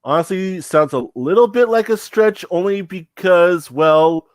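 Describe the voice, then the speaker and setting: A man's voice: high voice, a little slow, dry recording. Matter-of-fact man on a dry mic. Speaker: podcast co-host. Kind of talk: casual chat.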